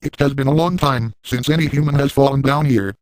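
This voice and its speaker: A man's voice: mid-range voice, brisk, a little mellow, no echo, close to an everyday voice, poor audio. A man reading the lines of a polite, motherly female monster caretaker, in an unchanged voice with formal phrasing. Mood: gentle.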